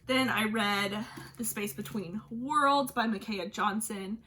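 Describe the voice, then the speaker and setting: A woman's voice: mid-range voice, normal speed, a bit bright. A woman hosting a book channel, chatting casually and gushing about what she read, with lots of "like". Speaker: book vlogger host. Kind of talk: casual book review chat.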